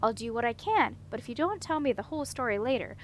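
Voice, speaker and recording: A woman's voice: on the high side, lively intonation, fast talker, natural voice. Woman reading unflappable storybook witch, dry, matter-of-fact, faint hum. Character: brisk, unflappable middle-aged female witch. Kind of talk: audiobook character reading.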